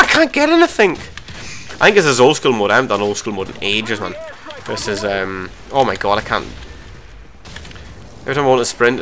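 A young man giving live commentary over his own gameplay, swearing and mocking himself between sudden excited outbursts. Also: fairly low pitch, a little hiss or hum. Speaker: gaming commentator.

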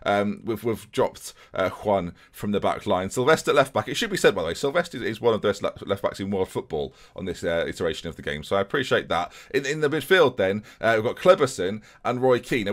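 Man, lowish voice, chatty, self-deprecating, talks to viewers, let's-play host. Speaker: gaming YouTuber host. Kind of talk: casual let's-play commentary.

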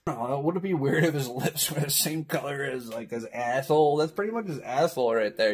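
A man's voice: mid-range voice, lively intonation, fairly quick, few pauses. A man rambling goofily through a coloring video from his basement, cracking crude jokes and saying "guys" constantly. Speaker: YouTuber coloring on camera. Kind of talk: casual rambling commentary. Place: home basement.

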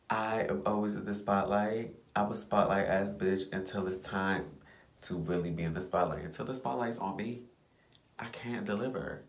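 A young man with a fairly low voice talks himself up in a loose, profane vlog rant. He circles back on his own phrases, half scolding and half cheering himself on. The sound bounces around an echoey room. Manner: blunt, profane self-pep talk, repeats phrases. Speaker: vlogger. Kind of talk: casual self-talk rant.

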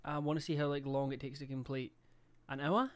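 A man's voice: medium pitch, steady tone, fairly quick, clear, resonant tone. A young man livestreaming a game, chatting casually, swearing a lot and reading out chat and subscriber messages. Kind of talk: casual live-stream chat.

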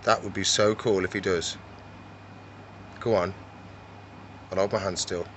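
A man's voice: low-pitched, steady tone, unhurried, a little hiss or hum, low-quality recording. Chatty man coaxing his reptiles. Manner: chatty, coaxes the animals in a soft, doting voice. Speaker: reptile shop owner and vlog host. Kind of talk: casual vlog chat.

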